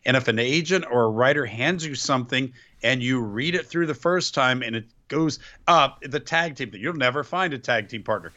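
A man co-hosts a wrestling podcast with strong opinions, circling back to repeat his points for stress. His pitch jumps around a lot as he talks. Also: animated, moderate pace, hardly any pauses, pushed and bright, highs cut off. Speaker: podcast co-host. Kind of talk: casual wrestling chat.

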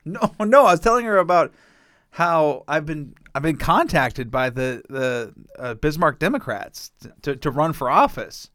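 A man chatting on a podcast, his pitch swinging widely as he tells stories. He swears freely and sounds animated. The recording is dry and close. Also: a little slow, no echo. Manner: profane, animated storytelling with frequent laughs. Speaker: podcast co-host. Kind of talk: casual podcast chat.

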